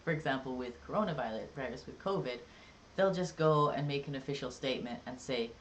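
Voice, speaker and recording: A chatty live-streamer talking casually to viewers, rambling along with plenty of "like"s and "um"s. The voice sits at a middle pitch, with a faint hum of room ambience behind it. The manner stays easygoing and a little jokey. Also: brisk. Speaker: livestreamer.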